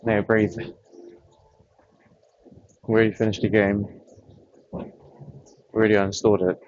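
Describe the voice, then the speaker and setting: A man with a lowish voice chats about games while still catching his breath, rambling and thinking aloud with pauses. The audio is a bit dull and lo-fi. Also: level tone, darkish tone, slight background noise. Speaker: vlogger. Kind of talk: casual chat about games.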